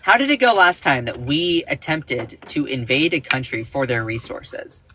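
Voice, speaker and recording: A man giving casual, indignant political commentary on a livestream, emphatic, with sudden jumps in pitch. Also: animated, normal speed, bright, forceful tone, a little hiss or hum. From United States.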